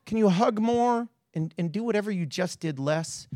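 High-voiced pastor guy preaching, dry close sound, acts out every quote. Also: moderate pace, no echo. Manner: animated preaching, acting out quotes with big swings in voice. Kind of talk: sermon. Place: church.

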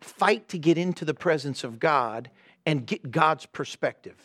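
A man's voice: on the high side, animated, a little slow, fairly bright tone, dry recording, studio quality. A man preaching a sermon as pastor, earnest and exhorting, speaking straight to his congregation. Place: church.

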